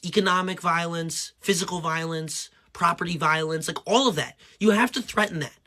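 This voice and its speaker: A man's voice: fairly high pitch, normal speed, few pauses, bright, forceful tone. A man delivering a blunt, profane rant straight to the listener, hammering his points and checking in with "right?". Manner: blunt, profane, emphatic, keeps asking "right?". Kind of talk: direct-to-camera rant.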